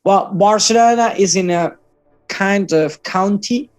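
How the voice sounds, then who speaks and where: A man's voice: sits high, a little slow, soft background music. A man from Catalonia, chatting casually about football news, often hesitating and correcting himself.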